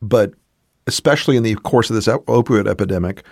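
A man from the American South co-hosting a political discussion, measured and earnest, with many "you know" fillers. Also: lowish voice, gravelly, darkish tone, no echo, studio quality. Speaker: podcast co-host.

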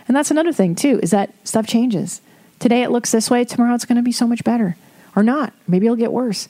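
Middle-aged woman doing an advice podcast, swears a lot, laughs, kinda rambly, warm relaxed tone. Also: on the high side, a little fast. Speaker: podcast host giving advice. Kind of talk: casual advice monologue.

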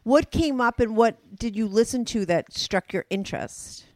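A woman's voice: fairly high pitch, animated, normal speed, a little mellow, no room sound, clean studio sound. A woman hosting a podcast, chatting casually and laughing easily. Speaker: podcast host. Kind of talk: casual chat.

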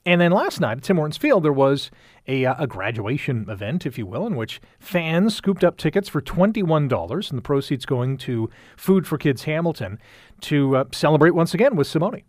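A man's voice: on the high side, big pitch swings, normal speed, no room sound, studio quality. A male local news reporter describing an event and interviewing a guest in a conversational way, with frequent filler words.

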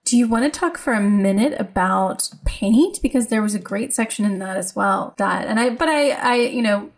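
Host: woman with a gravelly voice, eager, tripping over her words. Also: mid-range voice, normal speed. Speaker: interviewer. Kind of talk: interview conversation.

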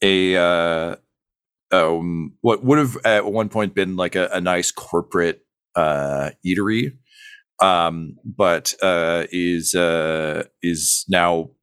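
A young man narrates a tabletop game in a fairly low voice. He rambles, hunting for words with many ums and uhs. The sound is dry and close. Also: slow, fairly bright tone, clear, resonant tone, dry recording. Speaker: game master.

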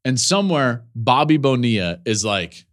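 A college football analyst, forties, breaks down the week's news on a podcast. His mid-range voice is a bit bright and takes big pitch swings, and he repeatedly detours into laughing asides and brief stories.

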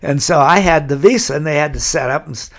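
Talking fast in a fairly high voice, an older California man tells long, rambling anecdotes as an interview guest. He chuckles frequently while he tells his stories.

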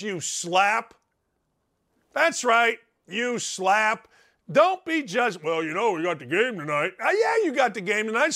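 Middle-aged American host, high bright voice with big swings, blunt and folksy, rambling asides. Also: male voice. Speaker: sports radio host. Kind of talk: animated monologue giving advice.

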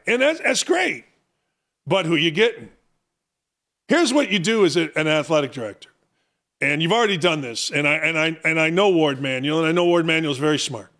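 A man's voice: high-pitched, expressive, normal speed, creaky, a bit bright. A middle-aged man hosting a sports talk show, ranting in an opinionated monologue, mocking himself and hammering rhetorical questions.

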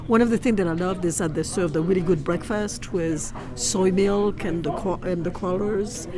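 A woman from France with a French accent, a food critic chatting lively and emphatically while out at restaurants and driving around town. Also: on the low side, moderate pace. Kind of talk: casual chat on location. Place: restaurants and car around a city.

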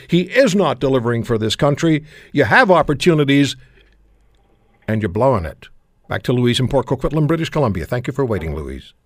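A man's voice: on the high side, no echo, studio quality. A man hosting a phone-in radio talk show, speaking in an indignant, emphatic, rhetorical way.

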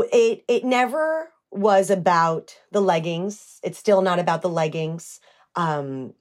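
American woman, 30s, founder in interview; lower pitch, lively storyteller. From United States. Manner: animated, acts out quoted dialogue with fillers. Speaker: brand founder.

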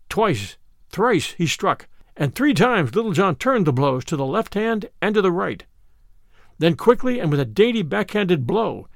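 Male storyteller, expressive reading, high voice with lively pitch, dry close sound. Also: dry recording. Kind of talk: reading a classic adventure tale aloud.

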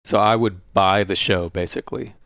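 An easygoing man with a lowish voice, chatting on a podcast. He explains things slowly and plainly in a relaxed back-and-forth. The recording is dry and close. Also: gravelly, dry recording. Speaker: podcast co-host. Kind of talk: casual chat.

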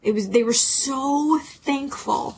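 A woman's voice: sits high, slow, poor audio. A woman co-hosting a podcast, telling a story in a casual, emotional way. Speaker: podcast co-host.

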